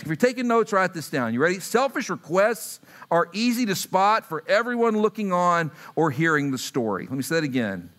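A man's voice: high-pitched, fairly quick. A man in his thirties preaching a sermon, telling stories and acting out quotes as he speaks to his congregation. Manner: animated, acts out quotes, asks the audience. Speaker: pastor. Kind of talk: sermon with storytelling.

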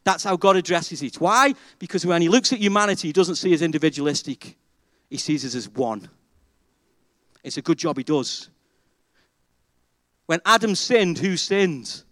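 A man preaching a sermon as pastor, emphatic and animated, asking the congregation rhetorical questions. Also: on the high side, normal speed, pauses often, no room sound. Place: church.

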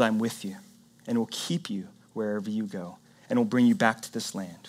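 Male pastor, voice a touch high; dynamic preaching style that drops to a hush for emphasis. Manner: dynamic preaching, swinging between loud emphasis and hushed near-whisper. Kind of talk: sermon.

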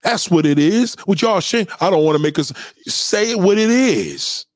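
A man's voice: high voice, animated, normal speed, no room sound, clean studio sound. A man delivering a heated, profane, confrontational rant straight to his audience, with repeated callouts.

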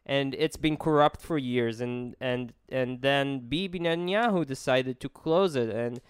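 A man, co-hosting a podcast and explaining events at length with halting restarts. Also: medium pitch, smooth, no echo. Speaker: podcast co-host. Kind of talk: casual explanatory chat.

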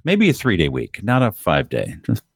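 Casual podcast co-host, male, deep voice, animated and profane, acts out quotes. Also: fairly quick, gravelly, husky, no echo, studio quality. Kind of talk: casual chat. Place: Los Angeles.

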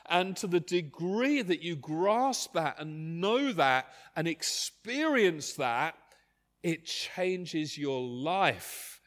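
Animated male preacher with a lively pitch. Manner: passionate, rising to near shouts then dropping to quiet. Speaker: pastor. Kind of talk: sermon.

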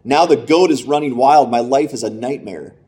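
A man's voice: medium pitch, normal speed, mellow, close to an everyday voice. A man reading a storybook aloud and voicing a poor, desperate peasant man who pleads and exclaims for help. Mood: desperate pleading.

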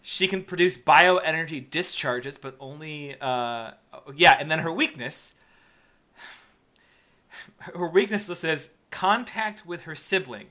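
A man's voice: a little high, lively intonation, slow, sharp tone. A young man co-hosting a podcast, chatting casually about a movie, laughing often and swearing. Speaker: podcast co-host. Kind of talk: casual movie-review banter.

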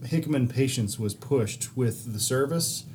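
A man's voice: mid-range voice, a little slow, a little hiss or hum. A man co-hosting a podcast, telling a story casually with plenty of swearing. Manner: profane, animated anecdote-telling with quoted voices. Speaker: podcast co-host.

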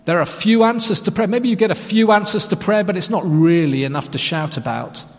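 A man preaches in a church hall, telling a story with dry, self-deprecating humour. His voice is fairly high for a man, and a long reverb trails each phrase. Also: fairly quick. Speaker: pastor. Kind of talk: sermon.

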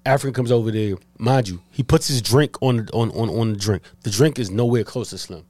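A young man chatting on a podcast, rattling through an animated story at a quick clip. His voice sits at an ordinary pitch and sounds dry and close to the mic, with hardly any room around it. He swears freely as he talks. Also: dry recording. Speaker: podcast co-host. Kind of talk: casual chat.

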